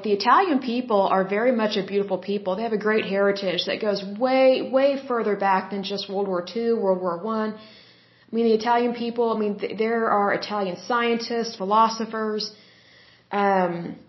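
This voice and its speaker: Woman podcast host, opinionated and rambling, middle pitch, echoey room. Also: lo-fi sound. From United States. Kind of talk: solo podcast commentary.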